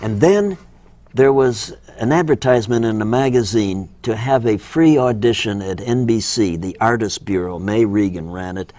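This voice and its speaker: A man's voice: on the low side, normal speed, a little mellow. An older man from Minnesota, a guest actor telling rambling stories of his career. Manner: rambling storyteller, acts out quotes. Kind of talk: anecdotal interview talk.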